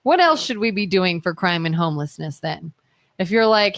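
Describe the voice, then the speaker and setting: A woman's voice: on the low side, big pitch swings, normal speed, fairly bright tone, no echo. A woman co-hosting a live talk show from a studio, arguing her side with a string of rhetorical questions. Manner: argumentative, fires rhetorical questions. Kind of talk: live talk radio debate.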